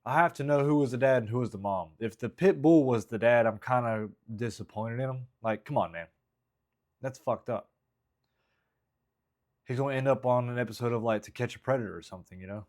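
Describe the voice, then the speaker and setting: In a relaxed vlog, a male comedian talks through drafts of his stand-up at a brisk clip, his voice at a typical male pitch. His delivery rambles, full of restarts and asides criticizing himself.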